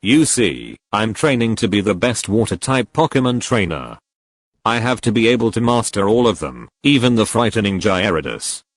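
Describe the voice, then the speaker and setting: A man's voice: lowish voice, sing-song, normal speed, no room sound. A man reading the lines of an outspoken young girl in a fan story, in a firm, blunt way and in his own voice.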